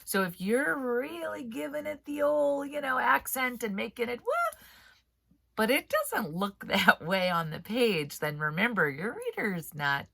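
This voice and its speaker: A rambling, chatty woman giving writing advice in a relaxed vlog, laughing often between thoughts. Her voice sits low but has a bright, forceful edge. The sound is close and dry, and she's a bit stuffed up from allergies. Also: vocal fry, no room sound. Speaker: author and writing coach host.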